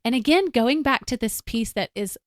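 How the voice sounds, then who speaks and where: Smooth-voiced woman telling a personal story. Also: fairly high pitch, expressive, moderate pace, no room sound, clean studio sound. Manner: earnest, reflective storytelling with casual fillers. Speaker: interview guest. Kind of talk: personal storytelling in a conversational interview.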